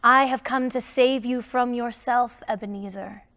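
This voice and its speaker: A woman voicing a chained ghost for a storybook, drawn-out solemn calls. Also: on the high side, fairly even intonation, a bit bright. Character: ghost of an old man in chains, solemn warning. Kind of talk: storybook read-aloud.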